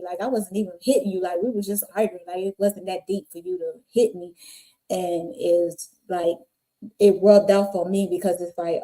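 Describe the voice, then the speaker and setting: Dark-voiced woman telling her story. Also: mid-range voice, normal speed. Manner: animated, acts out voices in her stories. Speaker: podcast host and guest. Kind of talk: candid storytelling interview.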